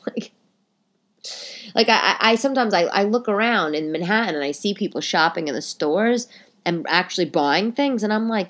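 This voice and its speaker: A woman hosting a podcast, telling stories in a casual, animated monologue that leaps up in pitch for exclamations. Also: normal speed. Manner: animated, jumps high in pitch for quoted exclamations. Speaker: podcast host.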